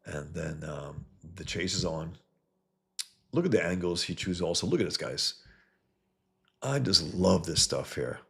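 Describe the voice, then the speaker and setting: Male comics host, very low gravelly voice, eager and rambling, casual stream talk. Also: animated, a little slow, pauses often, fairly bright tone. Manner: enthusiastic, repeats himself, restarts often.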